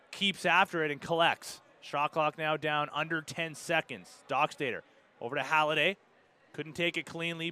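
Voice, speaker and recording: A man with a Canadian accent calling live lacrosse play-by-play, brisk and steady, rising sharply on goals and saves. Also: fairly high pitch, clean tone. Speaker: play-by-play commentator.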